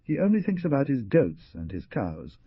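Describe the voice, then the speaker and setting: A man's voice: medium pitch, huge pitch swings, moderate pace, breathy edge, no echo, highs cut off, voice pushed up, exaggerated voice. A man voicing Columba, a distressed young village bride, with an anxious, plaintive delivery in an audiobook reading.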